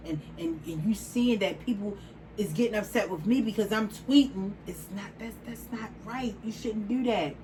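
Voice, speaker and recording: A woman's voice: medium pitch, moderate pace, a little mellow, slight background noise, rough recording. A woman in her forties talking casually to camera, outspoken and emphatic, repeating phrases for stress. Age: 40s. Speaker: vlogger.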